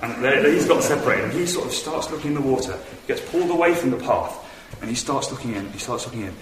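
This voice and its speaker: A man's voice: medium pitch, animated, fast talker. A man giving an earnest, conversational sermon in a church hall, telling stories with animation. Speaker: preacher. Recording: echoey hall from far off with noise.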